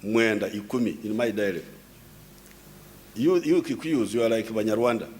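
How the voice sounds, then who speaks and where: A Ugandan head of state in his seventies gives an unscripted public address in English. He lectures, explaining word by word, often restarting and repeating himself. His voice is lowish and darkish, at a normal speed.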